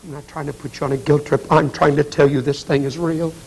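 A man's voice: on the high side, steady tone, fast talker, vocal fry, darkish tone, slight background noise. A man evangelist preaching a dramatic revival sermon in an urgent, pleading way.

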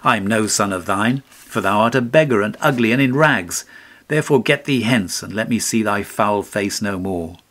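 A man's voice: on the low side, steady tone, normal speed, a bit bright. An actor reading an audiobook, voicing a proud, cruel young boy who speaks in a haughty, scornful way.

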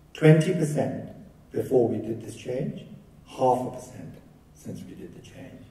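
A man's voice: fairly low pitch, warm tone, far from the mic, slight background noise. A man giving a keynote lecture, telling stories in a conversational, lightly humorous way, recorded from afar in a lecture hall. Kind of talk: academic lecture with anecdotes. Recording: echoey hall, picked up from afar.

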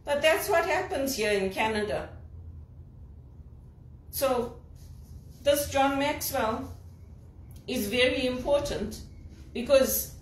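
Woman from Zimbabwe, executive assistant, venting emphatically; slightly high voice, picked up from across a room. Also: lively intonation, takes it slowly, pauses often. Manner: indignant, emphatic complaining. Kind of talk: personal vlog monologue. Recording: roomy, distant from the mic.

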